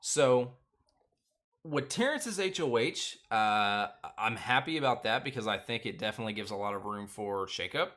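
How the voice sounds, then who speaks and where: Guy doing a casual recap, lowish voice, kinda sharp and bright, lots of uhs and ums, super opinionated. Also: animated, moderate pace. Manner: loose and opinionated, full of filler words. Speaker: host of a reality TV recap channel. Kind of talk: casual episode recap chat.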